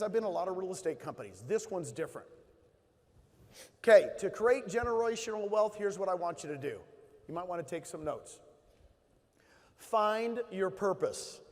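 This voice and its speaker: A middle-aged man giving a motivational stage talk, telling stories with emphasis and repeating key phrases. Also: high-pitched. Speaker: conference speaker. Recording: hall reverb.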